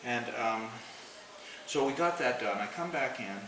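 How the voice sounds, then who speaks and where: A man's voice: medium pitch, animated, measured pace. A man telling a long story in a rambling, folksy way, chuckling as he goes. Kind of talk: casual spoken storytelling. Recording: roomy, distant, noisy home recording.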